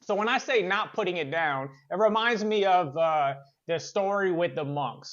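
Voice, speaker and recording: Male trainer giving a motivational talk, high voice, earnest and chatty, dull lo-fi recording. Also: fairly bright tone. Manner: conversational, earnest, with fillers and repeats. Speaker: workplace trainer and motivational speaker.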